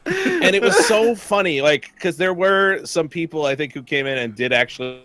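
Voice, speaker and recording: Talking at a moderate pace in a slightly high voice, a gamer and co-streamer recounts a story while playing, animated and laughing, swearing freely throughout. The background is noisy.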